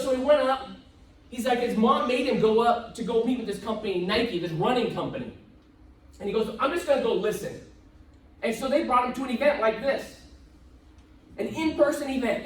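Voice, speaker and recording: A man speaking at a live seminar, telling an animated story and acting out both sides of the dialogue. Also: extremely high pitch. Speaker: motivational speaker. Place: event hall with live audience. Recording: echoey hall, voice from far off.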